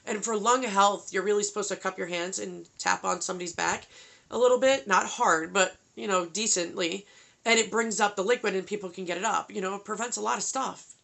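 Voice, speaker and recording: A woman in her thirties from New York records a personal video diary, candid and emotional, exhausted and close to tears, and she says "bro." Her voice is medium-pitched and a bit bright with vocal fry, and she talks a little fast.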